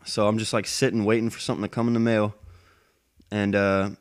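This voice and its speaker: Foul-mouthed man with a low, smooth voice. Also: little pitch movement, brisk. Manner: profane, rambling, heated. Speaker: military veteran telling a personal story. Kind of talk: casual storytelling monologue. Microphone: plug-in microphone.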